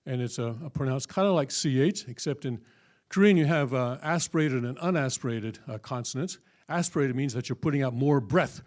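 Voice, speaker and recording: A man's voice: medium pitch, fairly quick, a little mellow. A man giving a patient, step-by-step classroom lecture at a church, with many fillers and frequent check-ins with his listeners. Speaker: church teacher. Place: church hall.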